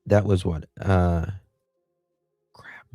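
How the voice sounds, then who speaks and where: A man's voice: sits low, flat delivery, extremely slow, mellow, no room sound, clean studio sound. A man hosting a casual livestream. He rambles in a chatty way and talks back to viewers' comments. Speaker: livestream host.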